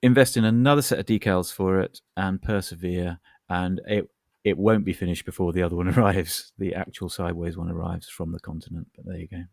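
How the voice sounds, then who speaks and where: Co-hosting a podcast in casual chat, a man spins rambling, wry anecdotes packed with asides. His deep voice is steady, brisk, a little mellow, and carries vocal fry, captured in a clean studio with no echo.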